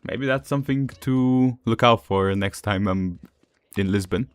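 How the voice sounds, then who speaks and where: Man, Eastern European accent, lowish voice, casual gameplay commentary, rambling with chuckles. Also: a little slow, smooth, no echo. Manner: rambling, chatty, with frequent fillers and chuckles. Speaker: gaming streamer.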